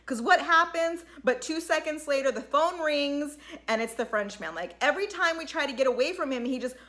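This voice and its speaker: A woman with a high, bright voice talks through a reality episode in a loose, rambling commentary. She sounds exasperated with the cast and keeps slipping into quick imitations of what they said. The delivery is chatty and full of filler. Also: animated. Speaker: reality TV recap vlogger. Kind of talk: casual recap commentary.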